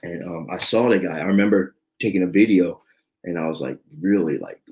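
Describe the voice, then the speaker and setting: Low-voiced man in his fifties from South Jersey, halting confessional guest storyteller, lots of fillers. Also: a little mellow, a little hiss or hum, poor audio. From South Jersey, USA. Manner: halting, repetitive, many "you know" fillers. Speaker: podcast guest in recovery.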